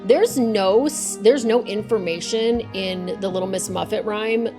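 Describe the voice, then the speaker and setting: A woman's voice: medium pitch, measured pace, music in the background. A woman streaming a game live, chatting and thinking aloud with many fillers.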